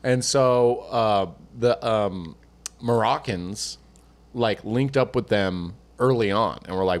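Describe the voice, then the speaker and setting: A man's voice: on the low side, slow. A man co-hosting a podcast, rambling and swearing casually while he tells stories and acts out quotes in other voices. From Northern California. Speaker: podcast co-host. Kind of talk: casual chat, storytelling.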